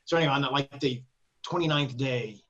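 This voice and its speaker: A man, a guest on an interview podcast, telling a personal story in a casual, animated way, swearing freely and laughing between phrases. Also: medium pitch, brisk, lo-fi sound, a crowd in the background. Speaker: guest composer.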